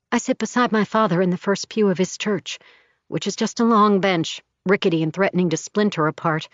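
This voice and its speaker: A woman's voice: mid-range voice, a little fast, no room sound. Woman narrating a dull, dry audiobook. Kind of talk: first-person audiobook narration.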